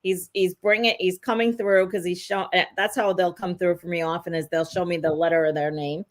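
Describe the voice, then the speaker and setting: A woman's voice: on the low side, steady tone, a little fast. A woman co-hosting a live psychic reading, rambling and hesitant with many fillers. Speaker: psychic co-host.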